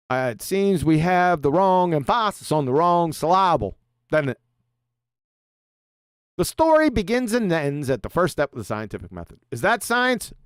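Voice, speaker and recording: A man's voice: a little high, sing-song, a little slow, long pauses, clear, resonant tone, dry recording, studio quality. A middle-aged man hosting a livestream, lecturing sarcastically and firing off rhetorical questions. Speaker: show host. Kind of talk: lecture-style livestream monologue.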